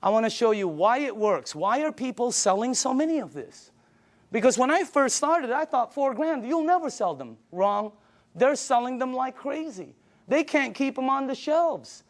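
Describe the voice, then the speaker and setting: A man giving an emphatic, energetic sales pitch to a live audience in a meeting room, chuckling between points. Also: normal speed. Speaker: sales presenter.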